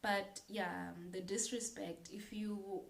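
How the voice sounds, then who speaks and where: A woman's voice: mid-range voice, steady tone, takes it slowly, creaky, reverberant, rough recording. A young South African woman with a South African accent, speaking bluntly and with passion in a casual opinion vlog, swearing freely. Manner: blunt, profane, impassioned. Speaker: vlogger.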